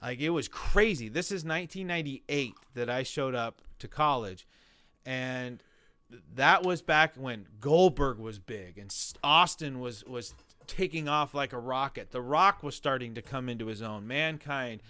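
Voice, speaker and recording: A man in his forties, a guest telling a long story in an interview, animated and rambling, full of restarts and acted-out quotes. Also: mid-range voice, unhurried, smooth, no room sound. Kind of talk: conversational storytelling.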